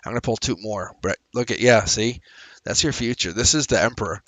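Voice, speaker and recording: A man's voice: fairly low pitch, a little fast, a bit bright, no echo, low-quality recording. Chatty man hosting a live tarot stream. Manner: upbeat, chatty, repeats phrases, laughs often. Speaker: tarot reader and livestream host. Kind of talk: casual livestream tarot reading.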